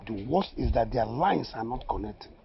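A fretful, gravelly husband. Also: male voice, medium pitch, animated, moderate pace, crowd noise. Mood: worried. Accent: Nigerian. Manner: anxious, fretting. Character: worried married man awaiting missing kin. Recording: dull lo-fi audio.

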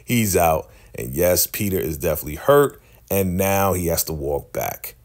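A man's voice: deep voice, moderate pace. A man casually recapping a TV episode, acting out the characters' lines and laughing often. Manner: animated, acts out quotes, frequent laughter. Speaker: recap host.

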